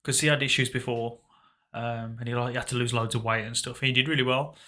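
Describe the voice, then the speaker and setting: Bright-voiced man, halting. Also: mid-range voice, steady tone. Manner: halting, reflective, trailing off into quiet asides. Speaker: podcast co-host. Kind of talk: casual emotional conversation.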